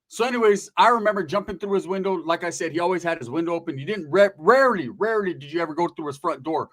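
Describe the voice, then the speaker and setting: A man telling crude, animated stories in a casual, profane way, often tagging right? onto his lines. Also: sits high, fast talker, hardly any pauses. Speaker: podcast host telling stories.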